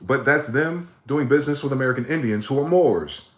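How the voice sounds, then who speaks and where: A man hosting a livestream, ranting with profanity, repeating words in chains and breaking into sudden high-pitched shouts. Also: fairly quick. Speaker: livestream host. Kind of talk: livestream monologue.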